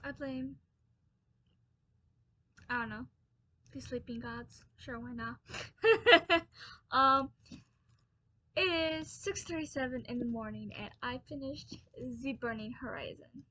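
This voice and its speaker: A woman's voice: high-pitched, slow, long pauses, sharp tone. A young woman vlogging about her reading early in the morning, tired and rambling with many fillers and restarts. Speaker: book vlogger. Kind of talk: casual chat to camera.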